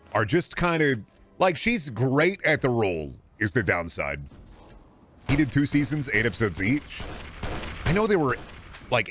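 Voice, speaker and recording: A man's voice: fairly low pitch, a bit bright. A man chatting casually and swearing freely as he streams a game, rambling from one joke to the next. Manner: rambling, profane, jokey.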